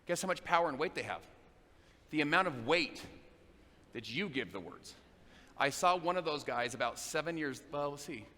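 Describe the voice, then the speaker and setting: A man giving a motivational talk, telling a story and asking the audience questions in an animated way. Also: on the high side, moderate pace, pauses often. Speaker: motivational speaker. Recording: long reverb of a big hall, faint noise.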